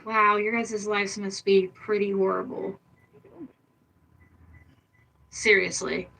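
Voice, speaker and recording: Blunt older woman with a bright voice. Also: medium pitch, flat delivery, measured pace, creaky, low-quality recording. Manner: blunt, exasperated, swears freely. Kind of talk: casual chat.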